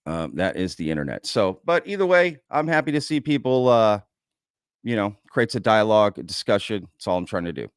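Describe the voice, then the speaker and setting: Very animated and brisk, an American man with a lowish, clean-toned voice hosts a casual livestream, chatting loosely and reading out viewers' comments with plenty of "y'all." It's studio quality with no room sound.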